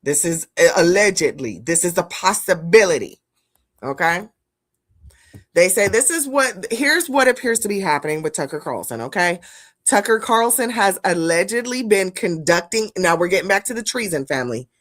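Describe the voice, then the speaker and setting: Blunt, animated woman streamer. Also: lowish voice, normal speed. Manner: animated, blunt, profane, talks to chat as "family". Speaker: streamer commenting on news. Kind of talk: live-stream commentary chat.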